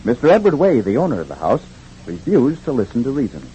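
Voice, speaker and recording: A man's voice: medium pitch, fast, lo-fi sound, slight background noise. A man announcing and narrating a recap for an old-time radio show in scripted narration. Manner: lively dramatic announcing.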